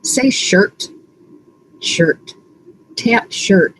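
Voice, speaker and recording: Slow-talking lady teacher sounding out words for kids, little hiss in the back. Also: on the low side, low-quality recording. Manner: slow, deliberate, exaggerated word sounds. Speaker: literacy coach.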